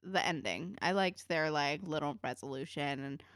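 Laughing and cursing while she chats, this podcast co-host casually walks through a TV episode with plenty of animation. She has a low-pitched voice at normal speed, and the studio recording is clean and dry.

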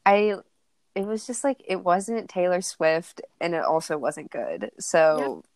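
Young female co-host, slow and monotone, low-ish voice, dry close sound. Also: no room sound. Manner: slow, flat, giggly. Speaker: podcast co-host. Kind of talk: casual chat.

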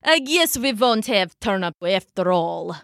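Woman playing a stubborn old grandpa in a storybook, emphatic and determined, bright voice. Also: mid-range voice, animated, measured pace, creaky, no echo, studio quality, voice pushed down.

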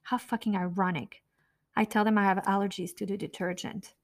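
A woman's voice: mid-range voice, steady tone, a little fast, creaky. A woman narrating her own memoir in a blunt, raw, profane way.

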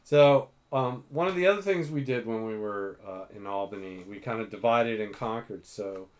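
A man's voice: lowish voice, normal speed, clear, resonant tone. A middle-aged man hosting a casual chat with his daughter, self-mocking and full of fillers. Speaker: podcast host.

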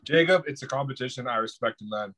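A man's voice: mid-range voice, fast talker, bright, forceful tone. A young man co-hosting a podcast, blunt and argumentative in a casual comedic debate. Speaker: podcast co-host.

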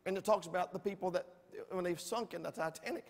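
Man, pastor, high-pitched, emphatic storytelling sermon, church hall reverb. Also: fast, creaky. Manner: animated storytelling, folksy, emphatic.

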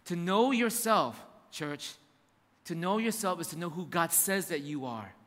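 A man's voice: high voice, lively intonation, unhurried, a bit bright, long reverb tail. A man preaching a sermon as pastor, emphatic and repetitive, addressing his church directly.

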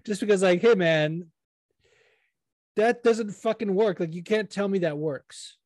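Man, casual podcast chat, profane, restarts a lot, slightly high voice, dry close sound. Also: a little mellow, no echo. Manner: profane, fast-running, frequent restarts and acted quotes. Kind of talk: casual chat about fights.

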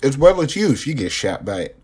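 A man's voice: medium pitch, big pitch swings, brisk, a little mellow, slightly rough. A young man rambling profanely and joking in a casual podcast monologue, recorded on a phone. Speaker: podcast host.

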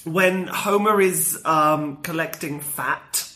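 A podcast co-host in a casual chat, retelling scenes with animated energy and acting out quoted lines with shifts in pitch. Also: slow.

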